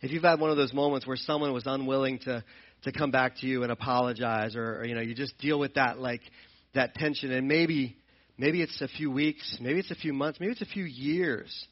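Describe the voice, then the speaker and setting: A man's voice: medium pitch, fairly even intonation, brisk, muffled recording. A man teaching from the Bible in an earnest, explanatory way, often repeating and restarting his phrases. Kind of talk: sermon-style Bible teaching.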